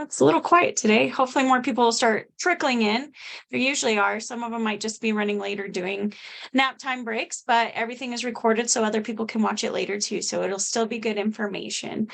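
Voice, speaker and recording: A woman's voice: fairly high pitch, gravelly, a bit bright. A woman hosting an online meeting in a casual, friendly way. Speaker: meeting host. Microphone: video call.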